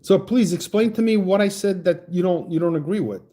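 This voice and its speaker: A man's voice: high-pitched, a little fast, mellow. A man hosting a livestream, ranting heatedly about politics and greeting chat viewers with profane, stammering restarts. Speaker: livestream host reading chat.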